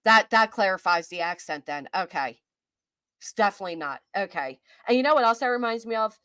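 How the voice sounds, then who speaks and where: A woman with a Kentucky accent chats through a livestream at an everyday pitch, stopping often to greet viewers by name. The room is small and dry, with the voice sitting close. She rambles, second-guesses herself and circles back to her point. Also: expressive, brisk, sharp tone, no echo. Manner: chatty, greets chat viewers by name between thoughts. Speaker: host of a live-stream chat show. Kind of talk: casual live-stream commentary.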